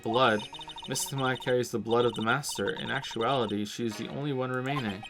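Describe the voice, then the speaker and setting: A man's voice: medium pitch, fairly even intonation, brisk, over music, lightly acted. A man reading as a haughty older noblewoman. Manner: haughty, stiff, archaic formality. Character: stern, formal older female spirit-medium aunt.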